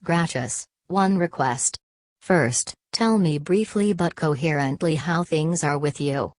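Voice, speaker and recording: A woman's voice: low voice, slow pace, a little mellow, no room sound, studio quality. A woman reading as a nervous, deferential visitor. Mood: earnest.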